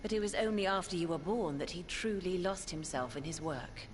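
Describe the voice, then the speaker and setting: A woman voicing a calm, wise older woman in a game. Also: fairly low pitch, lightly acted. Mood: counseling. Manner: measured, gentle, formal. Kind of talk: game cutscene voice acting. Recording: game audio with music behind.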